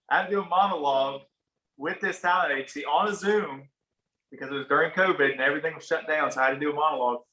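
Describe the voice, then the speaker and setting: A man in his thirties with a rural Ohio accent, speaking in a bright, forward voice. He tells a story in an easygoing way, curses freely and plays out the dialogue. The room is echoey. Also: fairly high pitch, steady tone, fast talker, slight background noise. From small town in Ohio. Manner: laid-back, swears, acts out quoted dialogue. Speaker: podcast guest, barber. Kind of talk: casual storytelling.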